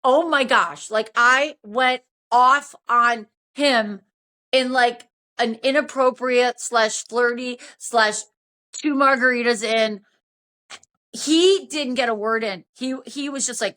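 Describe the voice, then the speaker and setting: A woman's voice: a little high, slow pace. A woman in her fifties, a podcast host telling a story in casual chat and acting out the dialogue. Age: 50s. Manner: animated, acts out quoted dialogue.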